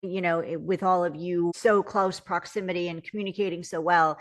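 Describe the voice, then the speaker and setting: A woman's voice: fairly low pitch, fairly even intonation, fairly quick. A woman hosting a podcast interview, summing up and affirming what her guest says. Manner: sums up and affirms the guest's points. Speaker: podcast host.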